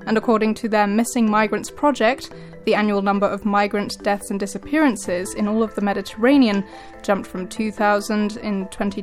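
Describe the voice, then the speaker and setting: A woman presenter reading scripted news and introducing a studio guest, clear and measured. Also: mid-range voice. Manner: clear, measured broadcast delivery.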